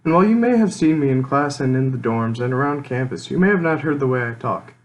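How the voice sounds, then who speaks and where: A young man from Nebraska with a Midwestern accent tinged with Minnesotan, reading a relaxed, plainspoken scripted narration for a college class. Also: medium pitch, fast talker, a little hiss or hum, rough recording. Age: young adult. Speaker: college student.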